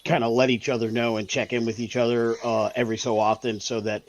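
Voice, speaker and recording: A man's voice: medium pitch, level tone, quick pace, slight background noise. A man playing a tabletop game, explaining a plan step by step. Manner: methodical, explains plans step by step. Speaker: player.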